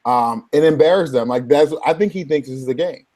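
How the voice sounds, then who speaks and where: A man co-hosting a casual talk show, opinionated, pausing on ums. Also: on the high side, warm tone. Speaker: podcast co-host. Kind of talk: casual chat.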